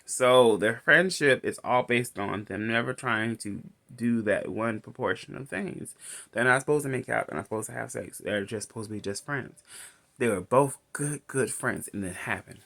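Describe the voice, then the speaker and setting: A man's voice: mid-range voice, moderate pace, gravelly, a bit bright. A man casually recapping a film as a reviewer, rambling and restarting his sentences. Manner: rambling, restarts often, laughs between lines. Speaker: movie reviewer.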